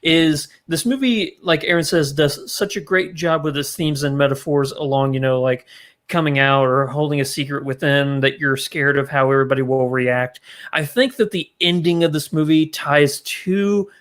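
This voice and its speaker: A man's voice: fairly high pitch, moderate pace, a bit bright. A man co-hosting a movie review podcast, talking casually and hesitantly, circling around his point. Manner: hesitant, restarts, talks around spoilers. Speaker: podcast co-host.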